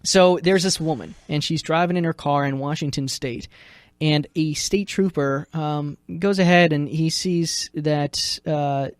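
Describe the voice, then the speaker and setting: A man's voice: fairly high pitch, clear, resonant tone, no room sound, studio quality. A man, the station's news director, trading jokes and retelling odd stories in a casual radio chat. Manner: jokey, animated, quick joking asides. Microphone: studio microphone.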